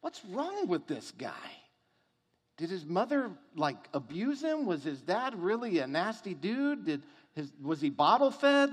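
A man's voice: high voice, sing-song, a little slow, breathy edge, big-room sound. A man, a pastor preaching a sermon, telling the story with rhetorical questions and emphatic build-ups.

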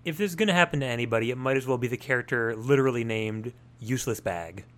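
A man's voice: mid-range voice, fast talker, fairly bright tone. A man co-hosting a podcast, chatting casually with a dry, wry manner. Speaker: podcast co-host. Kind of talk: casual chat.

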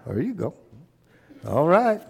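Male pastor, husky voice, slightly high pitch, preacherly call-and-response. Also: takes it slowly. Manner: preacherly, swings from shouting excitement to low hushed prayer. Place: church sanctuary.

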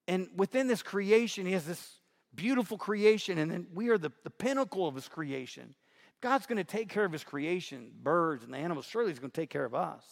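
A man's voice: high-pitched, expressive, fairly quick, creaky, long reverb tail. A man preaching in a conversational, emphatic sermon style, often repeating himself.

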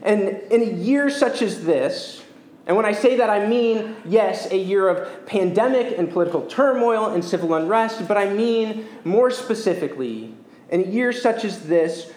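High-voiced man preaching in an echoey church. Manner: earnest, measured preaching with slow emphatic stresses. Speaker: pastor. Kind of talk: sermon.

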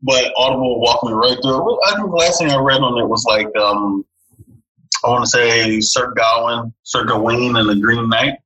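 A young man co-hosting a podcast, chatting casually and telling stories with animated energy. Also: mid-range voice, moderate pace, rough recording. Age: young adult. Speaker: podcast co-host. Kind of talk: casual chat.

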